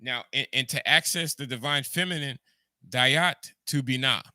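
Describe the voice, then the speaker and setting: Bright and forceful, a Jamaican-accented man speaks in a mid-range voice at normal speed with no echo. He's a podcast host giving loose livestream commentary, wandering between ideas, repeating words and answering chat.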